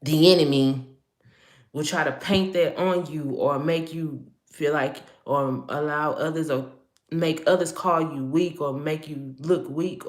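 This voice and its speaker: Woman preacher giving a prophetic word, low voice, rhythmic rhyming delivery, echoey room. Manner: casual, laughs often while talking. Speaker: prophetic speaker.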